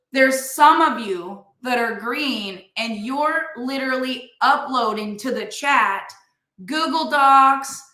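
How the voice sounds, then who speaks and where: A middle-aged woman giving a motivational talk, telling animated stories and acting out what others say, with "like" in nearly every sentence. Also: high voice. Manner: animated storytelling, acts out other people's lines; says "like" constantly. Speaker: motivational speaker and business leader. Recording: roomy echo.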